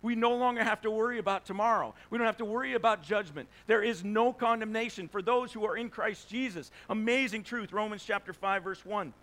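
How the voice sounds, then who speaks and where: A man with a notably high voice delivering a sermon. He preaches conversationally, asking the congregation rhetorical questions and briefly acting out the people in his stories. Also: a little fast, hardly any pauses, fairly bright tone. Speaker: pastor.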